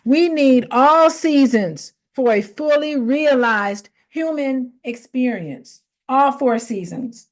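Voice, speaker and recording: A middle-aged woman with a fairly high voice talks in a reflective, casual way. She tells her stories with animation, acts out the voices of the people she quotes, and laughs often as she goes. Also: expressive, takes it slowly, few pauses. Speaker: host.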